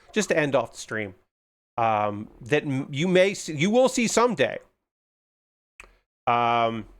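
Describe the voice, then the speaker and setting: Streaming his model kit hobby live, a man with a slightly high voice chats casually. He mumbles to himself, curses freely, and gets worked up with excitement over the kits.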